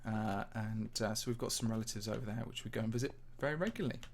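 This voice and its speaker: Chatty and rambling, a Minecraft channel host answers viewer questions during a casual livestream tour of a game map. His voice is on the low side and quick-paced, with slight background noise, and his accent is slightly posh English from the Midlands.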